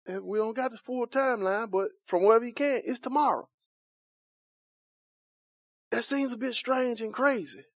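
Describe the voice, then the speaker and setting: High-voiced man teaching a Bible study. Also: animated, normal speed, long pauses, dry recording. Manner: questions the group, chuckles, informal talk.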